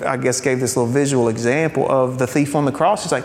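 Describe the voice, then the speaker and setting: A fast-talking pastor with fairly even intonation gives a conversational sermon to his congregation. Rhetorical questions and light humor run through it, recorded in an echoing hall with a faint rumble.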